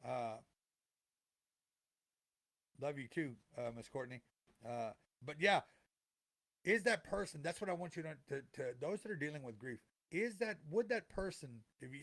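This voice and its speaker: A middle-aged man speaks with a fairly high voice, earnest and a little preachy. He repeats key phrases to drive them home. It sounds like heartfelt motivational talk from a co-host. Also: expressive, normal speed, a bit bright. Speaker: podcast co-host.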